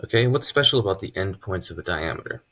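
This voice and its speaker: A man teaching a casual math lesson at a board, relaxed and chatty, with joking asides. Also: sits low, fast. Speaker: math tutor.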